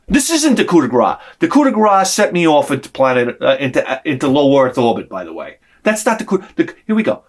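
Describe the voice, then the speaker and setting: A man's voice: on the high side, huge pitch swings, fairly quick, few pauses. A man telling an exasperated, profane story in a sarcastic comic rant on his vlog. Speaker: vlogger.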